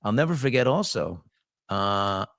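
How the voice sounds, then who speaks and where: A man in his fifties hosting a chat show, telling stories animatedly and jumping up in pitch for emphasis. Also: sing-song, unhurried, a bit bright, no echo, clean studio sound. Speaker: host. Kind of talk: casual chat show storytelling.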